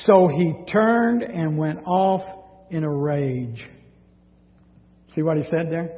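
A man preaching a sermon, reading scripture dramatically and speaking in an animated way. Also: on the high side, slow pace, long pauses. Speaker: pastor. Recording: dull sound with long hall reverb.

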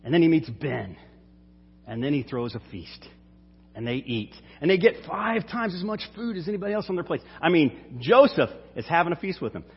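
A man's voice: a little high, big pitch swings, fairly quick, husky. A man preaching and reading scripture, retelling the story in a casual storytelling way. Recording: dull hall reverb.

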